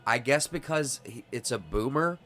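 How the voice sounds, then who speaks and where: A man's voice: mid-range voice, animated, normal speed, a bit bright, faint music behind. A man hosting a casual live-stream podcast with a stuffed-up nose, talking frankly with his viewers and getting riled easily. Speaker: livestream podcast host.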